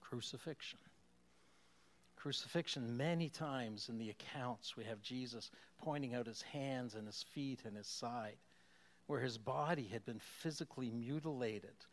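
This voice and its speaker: A man preaching a sermon as a pastor, animated, chuckling often and asking rhetorical questions. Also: mid-range voice, a little slow.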